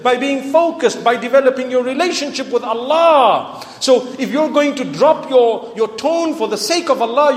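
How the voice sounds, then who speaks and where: A man preaching a sermon to a live audience, animated and playful, mixing in Arabic phrases. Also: extremely high pitch. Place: large hall with audience. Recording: echoey hall, long reverb.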